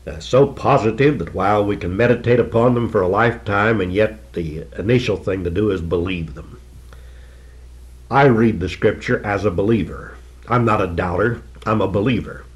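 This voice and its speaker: Older male preacher, lowish voice, emphatic and earnest sermon delivery with slow stresses. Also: lo-fi sound.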